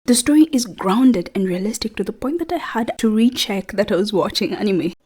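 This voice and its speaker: A woman reviewing an anime in scripted narration, voice slightly changed by a cold, playful and dramatic with hushed whispered asides. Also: medium pitch, animated, a little fast, breathy edge. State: has a cold, slightly altered voice.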